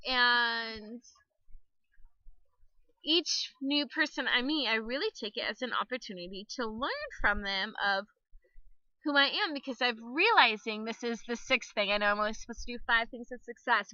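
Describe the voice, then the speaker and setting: A woman's voice: a little high, lively intonation, normal speed, sharp tone, no room sound, lo-fi sound. A young woman talking candidly to camera outdoors by the water, chatty, laughing often and cussing a little. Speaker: vlogger. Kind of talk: casual personal vlog to camera.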